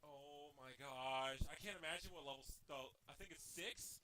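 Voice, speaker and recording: A man commentating a video game, his voice cracking, muttering to himself and then yelling in frustration. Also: a little high, normal speed. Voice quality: voice keeps cracking. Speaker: gamer. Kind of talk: let's play commentary.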